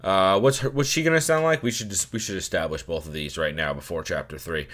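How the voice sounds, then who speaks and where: A man's voice: low voice, fast talker, a bit bright. A young man hosting a let's play, reading a text game aloud and joking with lots of swearing. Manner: profane, joking, riffing.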